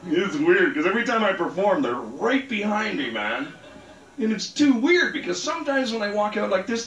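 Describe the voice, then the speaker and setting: A man doing a rambling, crude stand-up set on a comedy club stage. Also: a little high. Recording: roomy club sound, mic at a distance.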